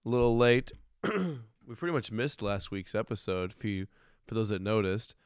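A man in his thirties hosting a casual finance chat, hoarse from losing his voice, rambling and swearing with frequent restarts. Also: lowish voice, normal speed, no room sound, clean studio sound. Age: 30s. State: hoarse, recovering voice. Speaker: podcast host.

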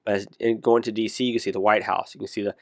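A man's voice: on the low side, little pitch movement, rapid-fire, dry recording, studio quality. A man chatting casually about places he'd like to travel, rambling and correcting himself as he goes. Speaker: conversation partner. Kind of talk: casual chat.

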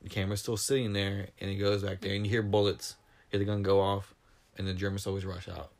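A man in casual conversation, retelling a film's plot with animated, emotional storytelling and coming close to tears. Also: on the low side, fast talker, creaky. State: near tears. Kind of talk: casual film discussion.

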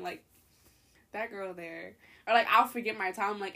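A woman's voice: mid-range voice, fairly quick, fairly bright tone. A young woman hosting a podcast, telling stories in a rambling way with lots of fillers and laughs. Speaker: podcast host. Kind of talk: casual chat.

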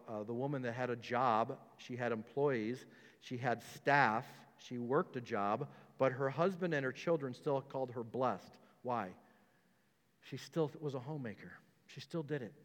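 A man pastor preaching a sermon in a conversational, emphatic way, firing rhetorical questions and repeating his points. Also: medium pitch. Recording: long reverb of a large hall.

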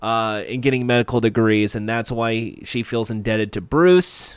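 A man's voice: mid-range voice, moderate pace, hardly any pauses, clean tone, dry recording. A man giving a sarcastic, profane, rambling comedic recap of a TV episode.

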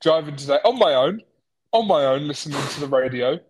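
A man's voice: on the high side, animated, fairly quick, slightly rough. A man, co-hosting a podcast in a rambling, self-mocking casual chat. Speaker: podcast co-host.

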